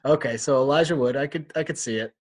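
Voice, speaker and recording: A man's voice: mid-range voice, quick pace. A man with a mid-range voice leading a casual book club chat. He talks in an easy, rambling way and laughs often as he steers the conversation. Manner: chatty, laughs often, leads the discussion. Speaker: podcast co-host.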